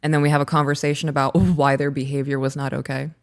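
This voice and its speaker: A woman in her thirties, co-hosting a casual chat and telling a story in an animated way, laughing as she talks. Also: low voice, fast talker. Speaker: podcast co-host.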